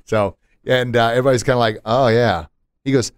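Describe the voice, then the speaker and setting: A man's voice: medium pitch, steady tone, fairly quick, clean tone, dry recording, studio quality. A man hosting a podcast in casual chat, emphatic and motivational, with punchy asides. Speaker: podcast host.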